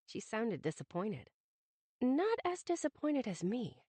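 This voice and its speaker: Expressive woman narrating a romance audiobook. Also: on the high side, unhurried, slightly rough, no echo. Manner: wry, self-conscious, expressive.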